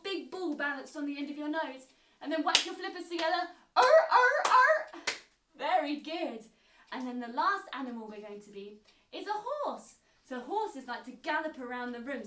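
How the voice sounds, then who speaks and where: Animated high-voiced woman leading kids' games. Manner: animated, sing-song, encouraging. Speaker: children's activity presenter. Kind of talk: leading a kids' movement game. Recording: roomy sound from a distant mic.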